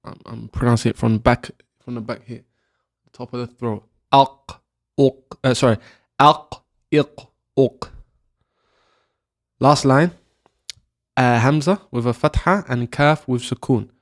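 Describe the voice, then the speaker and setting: A man's voice: mid-range voice, moderate pace. A man with a British accent teaching Arabic pronunciation. He drills each syllable over and over and keeps checking in with "right?". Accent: British English. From Britain. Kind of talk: slow, patient pronunciation lesson.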